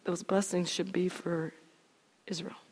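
A woman's voice: expressive, moderate pace. Woman playing King David, indignant king. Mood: hushed. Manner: indignant shouting, later low and hushed. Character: King David, a frustrated man ruler, shouting then hushed. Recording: long reverb of a hall.

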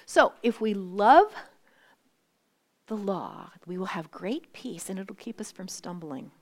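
A woman in her sixties leads a Bible study talk with a lively, chatty delivery. She swings between bright, emphatic phrases and hushed whispered asides. Her voice sits at an ordinary middle pitch. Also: takes it slowly. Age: 60s. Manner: animated and conversational, often dropping to a whisper for emphasis. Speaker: women's Bible study speaker. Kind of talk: faith talk to a live group.

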